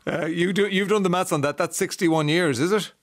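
A man's voice: high voice, brisk, slight background noise. A man hosting a radio show, chatting casually and asking friendly questions with plenty of fillers.

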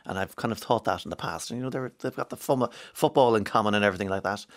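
A man's voice: lowish voice, racing. A man from County Monaghan with an Irish accent, hosting a morning radio show in a rambling, chatty way from a studio microphone. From Ireland, County Monaghan. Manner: chatty, rambling, reads out listener texts. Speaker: radio host. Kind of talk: casual morning radio chat.

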